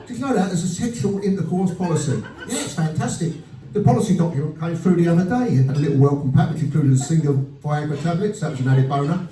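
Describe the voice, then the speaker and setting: Fast-talking blunt stand-up comedian, roomy. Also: male voice, on the high side, slight background noise. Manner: blunt deadpan storytelling with crude punchlines. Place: comedy venue before a laughing audience. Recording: roomy live venue sound from a distance. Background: audience laughter.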